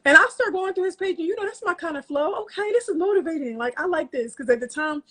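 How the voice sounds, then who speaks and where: A woman poet, a guest in an interview, telling her own story in a casual, lively, self-mocking way. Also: very high voice, fast. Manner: lively, self-mocking, slips into quoted voices.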